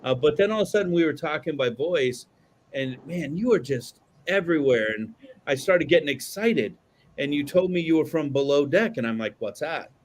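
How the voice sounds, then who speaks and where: A man's voice: a little high, expressive, normal speed, a little hiss or hum. A man hosting a podcast in casual chat, rambling and swearing freely, with lots of fillers and restarts. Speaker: podcast host.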